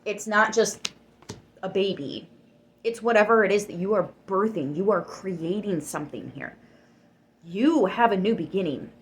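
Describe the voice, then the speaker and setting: A woman's voice: medium pitch, lively intonation, moderate pace, a little hiss or hum. A woman giving a tarot reading to her viewers. She talks emphatically, swears freely and gets worked up. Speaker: tarot reader.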